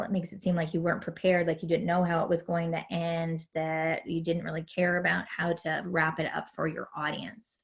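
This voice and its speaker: A woman teaching an online lecture in a chatty, hesitant way with many fillers. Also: lowish voice.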